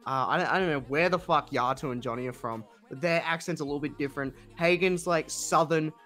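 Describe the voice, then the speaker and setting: A young man with an Australian accent, a guest in casual chat, telling profane stories in an animated way. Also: a little high, fast.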